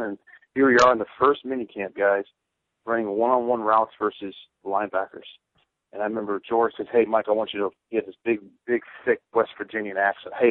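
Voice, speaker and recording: A former football player tells his stories in an animated, restless way, often repeating words as he gets going. His voice is a bit low for a man. It comes through a thin, phone-like line with no room sound. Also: no echo. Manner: animated storyteller, repeats words when starting sentences. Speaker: former football fullback guest. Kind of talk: casual podcast chat.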